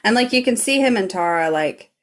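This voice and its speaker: A woman's voice: mid-range voice, animated, fairly quick. A woman with a mid-range voice co-hosts a podcast, recapping scenes of a show. She tells them animatedly, with casual, playful exaggeration. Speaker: podcast co-host. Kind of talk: casual chat recapping a TV episode.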